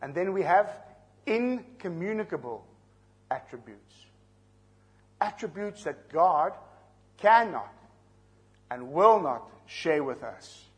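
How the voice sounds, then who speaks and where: Slowly and with frequent pauses, a South African preacher explains scripture verse by verse in a sing-song, breathy voice on the high side. He teaches as he goes, explaining terms and asking his listeners questions.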